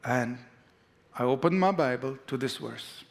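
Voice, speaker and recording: A man's voice: mid-range voice, unhurried, gravelly. A pastor preaching a sermon, leading his congregation in repeated declarations with emphatic call-and-response. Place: church sanctuary.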